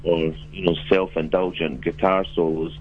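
A man's voice: low-pitched, flat delivery, normal speed, narrow, tinny audio. A man with a New Zealand accent, a musician and actor, chatting loosely by phone with lots of fillers and restarts. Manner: laid-back, rambling, many fillers and restarts. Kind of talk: casual phone interview. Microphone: phone line.

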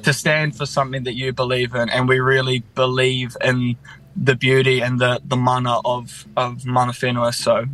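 Bright-toned New musician, chatty. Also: male voice, medium pitch, little pitch movement, moderate pace, low-quality recording. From New Zealand. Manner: enthusiastic, chatty, self-deprecating. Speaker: musician, interview guest. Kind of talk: casual radio interview.

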